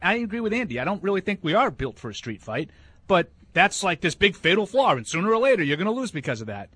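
A man's voice: sits high, sing-song, fast talker, a bit bright, slightly rough, dry recording. A man co-hosting sports talk radio, arguing his point in an emphatic, ranting way.

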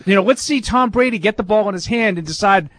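A man's voice: high-pitched, quick pace, fairly bright tone. A man co-hosting a casual sports talk show, arguing his point in long, run-on stretches.

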